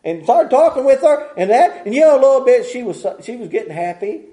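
A man preaching with a very high, lively voice that rises and falls a great deal. His tone is dark and mellow rather than bright. He rambles in a folksy way, restarting his sentences and chuckling between points. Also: fairly quick. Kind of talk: sermon.

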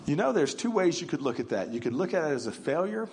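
A man's voice: on the high side, sing-song, fast talker, a little mellow, a little hiss or hum. Man preaching a story-driven sermon. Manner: storytelling, vivid retelling with repetitions.

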